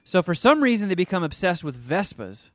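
A man in casual podcast chat, recapping a film with lively, animated delivery. His voice sits a little high for a man. The sound is dry and close, with no room around it. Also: brisk, dry recording. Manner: animated storyteller, hams up silly voices for the characters he describes. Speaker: podcast co-host reviewing a film.

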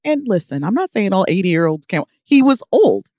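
A woman co-hosting a podcast, telling a comic story with emphatic, animated delivery and frequent laughter. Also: mid-range voice, moderate pace, no echo, clean studio sound. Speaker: podcast co-host. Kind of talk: casual comedic storytelling.

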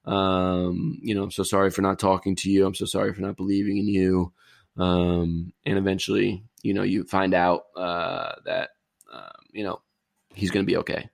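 A man with a low, gravelly voice rambles easygoing through a movie recap. His delivery is relaxed and conversational, and the sound is close and dry with no room around it. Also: normal speed, no room sound. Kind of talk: casual chat, retelling a movie plot.

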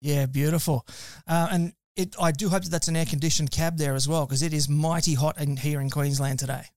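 A man's voice: a little high, fairly even intonation, a little fast, darkish tone, dry recording, studio quality. An Australian man hosting a podcast, chatting in an upbeat, casual way with loose fillers. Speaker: podcast host. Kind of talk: live podcast chat.

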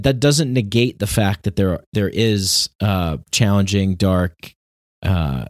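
A man's voice: fairly low pitch, darkish tone, no room sound, studio quality. A man hosting a podcast, talking in a rambling, reflective monologue full of restarts and laughs. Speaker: podcast host. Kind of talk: casual monologue.

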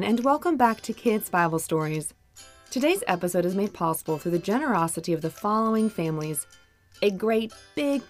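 A woman hosting a children's Bible story podcast, narrating with clear, gentle, expressive delivery. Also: mid-range voice. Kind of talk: warm scripted narration for children.

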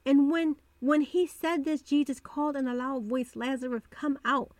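A woman's voice: high voice, fairly even intonation, normal speed, warm tone, dry recording. A woman hosting a devotional podcast, talking earnestly and repeating phrases for emphasis. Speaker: podcast host.

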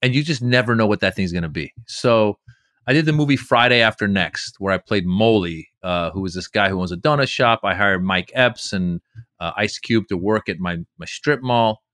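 A middle-aged man, a comedian, telling lively stories in an interview and slipping into quoted voices. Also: lowish voice, dry recording, studio quality. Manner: animated storyteller doing quoted voices. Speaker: comedian guest. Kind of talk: storytelling interview.

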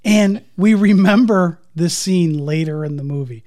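Mellow-voiced man discussing films. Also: high-pitched, a little slow. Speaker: podcast co-host. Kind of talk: casual film discussion chat.

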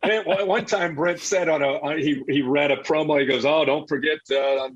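Middle aged guy, husky kinda high voice, chatty football analyst telling stories, muffled lo-fi sound. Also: brisk. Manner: animated, laughing storyteller with many restarts. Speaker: college football analyst, guest. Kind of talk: casual storytelling interview.

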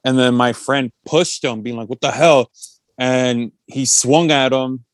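Young man, co-host, casual chat, halting and restarting, middle pitch, dry sound. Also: steady tone, no room sound. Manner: halting, many fillers and restarts. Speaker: podcast co-host.

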